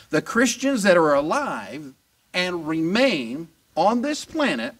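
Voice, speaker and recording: Male pastor, slow animated sermon delivery, picked up from a distance. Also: a little high. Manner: animated, emphatic preaching. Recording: voice distant from the mic.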